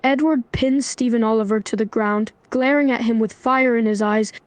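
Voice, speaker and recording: A synthetic female voice giving scripted narration in an even manner. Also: fairly high pitch, moderate pace, no room sound.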